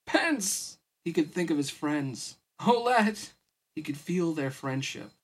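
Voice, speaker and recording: A tired man reads a novel aloud for his podcast. His voice sits fairly high with a husky edge. He drops into casual, weary asides between passages. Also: fairly even intonation, normal speed, a little mellow. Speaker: podcast host reading a novel. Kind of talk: audiobook-style story reading.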